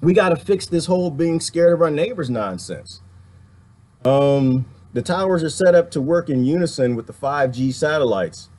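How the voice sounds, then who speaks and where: A man's voice: a little high, lively intonation, normal speed, a little mellow. A middle-aged man hosting casual commentary, laughing often and mocking others by putting on voices. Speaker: political commentary host. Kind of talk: casual live-stream commentary.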